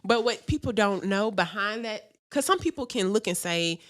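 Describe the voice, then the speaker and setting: A woman co-hosting a casual podcast, talking frankly and laughing often as she tells her own stories. She is middle-aged and speaks at an ordinary pitch in a relaxed, chatty way. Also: normal speed. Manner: frank, animated storytelling with laughter. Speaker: podcast co-host. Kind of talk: casual chat.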